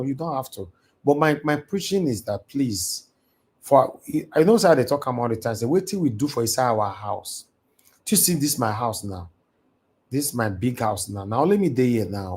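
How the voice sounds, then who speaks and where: A Nigerian man with a Pidgin-flavoured accent hosts a live stream from his house and speaks at middling pitch. He preaches with fervour, circling back and repeating his points. His delivery slides between English and a casual Pidgin lilt. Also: dark tone, husky. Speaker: livestream host. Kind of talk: impassioned live-stream monologue. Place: alone in a large house. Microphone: computer mic on a live stream.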